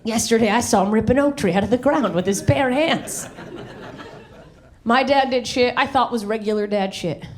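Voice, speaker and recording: A woman performing a high-energy stand-up comedy set on stage, acting out voices and shouting her punchlines. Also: normal speed. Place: comedy stage in front of a live audience. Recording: live stage recording with crowd. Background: audience laughter.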